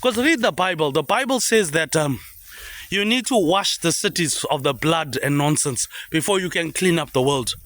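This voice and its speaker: A man rambles on in a high, swooping voice that leaps up and down. He keeps tacking a low "mate, eh" onto his lines. The sound is close and dry. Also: animated, moderate pace, fairly bright tone, no echo. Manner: repetitive, trailing "mate, eh" tags dropped low. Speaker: vlogger. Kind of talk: rambling monologue.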